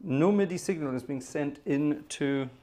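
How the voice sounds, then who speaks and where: Hosting an organ music livestream, a man chats casually in a mellow, slightly high voice at a measured pace. He narrates his own troubleshooting, muttering exasperated asides.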